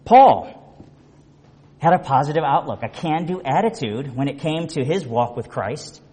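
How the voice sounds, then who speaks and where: A middle-aged man preaching a conversational sermon, telling stories in a chatty, animated way with many restarts. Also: a little high, unhurried, slightly rough. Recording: reverberant hall.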